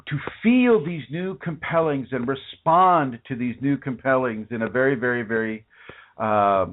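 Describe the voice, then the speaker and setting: A man hosting a spiritual teaching broadcast, speaking earnestly and colloquially with frequent restarts and repeated words. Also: mid-range voice. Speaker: spiritual teacher and show host. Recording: phone-like narrow sound.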